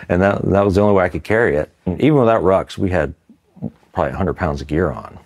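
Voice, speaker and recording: Deep-voiced veteran man, casual war story. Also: fast, a little mellow. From Mississippi, US. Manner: casual, rambling, many fillers, laughs while telling. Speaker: Army veteran guest. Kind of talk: storytelling interview.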